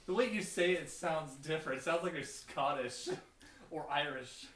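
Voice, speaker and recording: A young podcast co-host in casual chat, giggling and interjecting quickly. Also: mid-range voice, a bit bright. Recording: distant echoey mic with noise.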